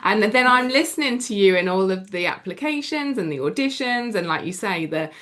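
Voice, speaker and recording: A woman hosting an interview, asking long questions in a measured, drawn-out way with some fillers. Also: mid-range voice, expressive, fairly bright tone. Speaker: podcast host, interviewer.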